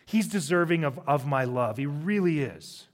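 Middle-aged male pastor, conversational sermon with funny asides, slightly high pitch. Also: animated, normal speed. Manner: conversational preaching with humorous asides.

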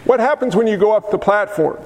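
Energetic male pastor, high voice, playful and questioning, reverberant church hall. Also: fairly quick. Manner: energetic, joking, asks the congregation questions. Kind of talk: sermon. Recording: echoey hall with faint noise.

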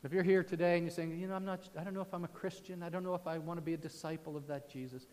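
A male pastor preaching a sermon, moving from loud proclamation to soft, hushed passages. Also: on the high side, steady tone, rapid-fire. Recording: long hall reverb.

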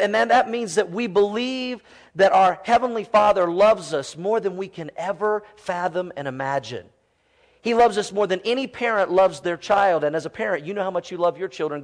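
Animated high-voiced male pastor preaching. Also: moderate pace. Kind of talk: sermon.

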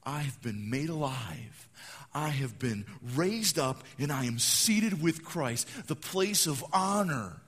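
A man preaching a sermon, acting out quotes and swinging between loud proclamations and hushed asides. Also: fairly high pitch, lively intonation, slow pace, slightly rough. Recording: long hall reverb.

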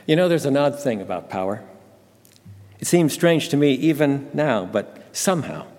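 A man's voice: medium pitch, lively intonation, moderate pace, a little mellow. A man telling a Bible story in the first person, dramatic and intense. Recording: long hall reverb.

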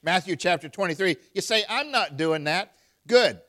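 A man preaching emphatically, reading verses aloud and calling out to his listeners. His voice sits a little high for a man. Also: animated, moderate pace, pushed and bright. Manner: emphatic, calls out to the congregation; reads scripture aloud in King James wording. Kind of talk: sermon.

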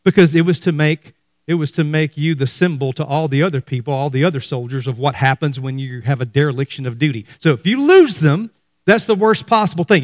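Guy preaching, bit higher voice, lively and fired up, middle-aged. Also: dry recording, clean studio sound. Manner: animated preaching, addresses congregation as y'all. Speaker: pastor. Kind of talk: sermon.

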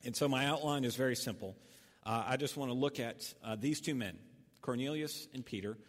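Folksy pastor preaching in a reverberant church. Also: male voice, medium pitch, a little fast. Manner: folksy storytelling with many fillers and restarts. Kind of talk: sermon. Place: church sanctuary.

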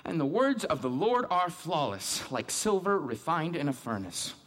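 A man's voice: a little high, big pitch swings, moderate pace. An actor playing a devout, troubled man who reads scripture aloud and keeps questioning his own guilt and faith. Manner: questioning, searching, self-doubting. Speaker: man reading scripture alone. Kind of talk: dramatic monologue.

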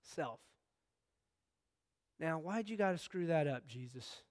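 A man in his thirties preaching a sermon as pastor, talking in a conversational way and telling stories with sudden bursts of excitement. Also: on the high side, takes it slowly.

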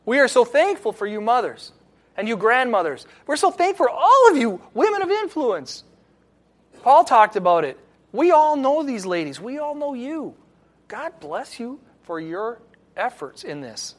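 A man's voice: very high-pitched, very animated, moderate pace. A middle-aged male pastor giving an earnest, reflective sermon with personal stories.

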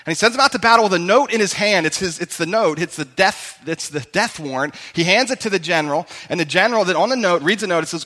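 Brief: high, bright male pastor, storytelling sermon, long reverb of a church hall. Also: expressive, quick pace, few pauses. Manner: conversational storytelling, calls to the congregation.

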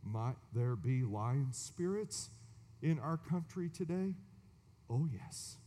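A man's voice: medium pitch, lively intonation, slow, warm tone, big-room sound. A man preaching a sermon, dramatic, dropping to whispers and rising for emphasis, with sarcastic asides. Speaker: pastor.

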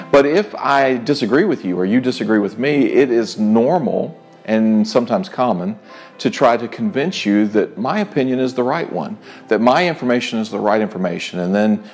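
A middle-aged man who is a pastor, giving a conversational sermon and acting out retold dialogue with lively emphasis. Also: medium pitch. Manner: earnest, conversational preaching with animated retold dialogue.

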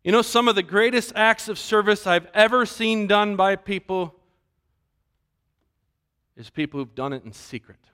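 Man preaching a sermon, higher voice. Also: moderate pace, pauses often, clean tone. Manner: animated, acts out quoted voices. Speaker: pastor.

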